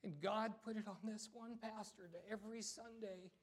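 Middle-aged pastor guy with a higher voice, preaching loose and chatty, keeps repeating words, tosses in amens. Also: steady tone, moderate pace, slightly rough. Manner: conversational preaching with repetitions and call-outs. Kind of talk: sermon.

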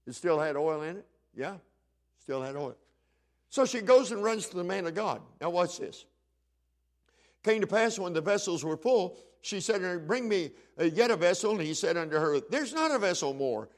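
A man delivers a sermon, in a fairly high voice. He tells the story in a folksy, conversational way and acts out the characters' lines. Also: lively intonation. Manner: folksy, plays the story's characters in quick dialogue. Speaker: preacher.

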